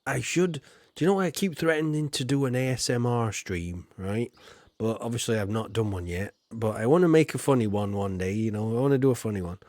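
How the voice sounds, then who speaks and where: A chatty man rambles on a live game stream and laughs often between thoughts. His voice sits at an ordinary middle pitch, and it is recorded close on a desk mic with a dry, dead sound. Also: fairly quick, a little mellow, no room sound. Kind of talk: casual live-stream chat.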